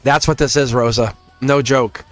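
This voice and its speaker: A man hosts a live-streamed tarot reading in a chatty, animated voice of ordinary pitch. He laughs often and speaks straight to his viewers. Faint music plays behind him. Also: a little slow, dry recording.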